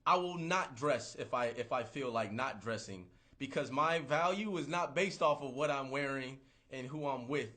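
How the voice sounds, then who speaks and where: A man hosting a livestream, ranting in a casual, profane, animated way and repeating himself. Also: medium pitch, moderate pace, hardly any pauses. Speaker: livestream host.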